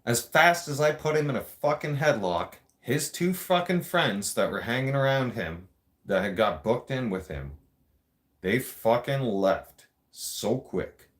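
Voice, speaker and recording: A man's voice: mid-range voice, sing-song, unhurried. A man hosting a show, telling a story in a blunt, casual way, swearing constantly and talking straight to his listeners. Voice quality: blunt, heavy swearing, streetwise.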